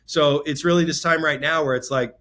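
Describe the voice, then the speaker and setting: A man's voice: a little high, steady tone, brisk, pushed and bright. A man in his forties, a real estate entrepreneur, talking candidly and emotionally in a podcast interview, rambling with many restarts. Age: 40s.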